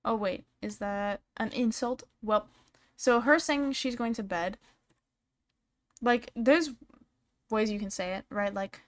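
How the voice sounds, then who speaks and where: A woman's voice: fairly high pitch, slow, pauses often, dry recording. A woman commenting casually on a stream, reading messages aloud and reacting bluntly, with frequent swearing.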